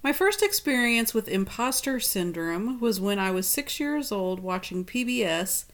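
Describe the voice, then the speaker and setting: A woman co-hosting a casual chat, reading funny tweets aloud with a giggly, deliberate delivery. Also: medium pitch, big pitch swings, fairly bright tone, low-quality recording. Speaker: podcast co-host.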